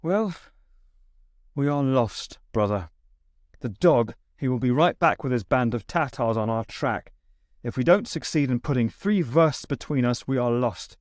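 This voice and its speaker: A man voicing a brave young soldier in an audiobook, speaking urgently and higher than his narration. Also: lively intonation, a little slow, darkish tone, no echo, studio quality, natural voice.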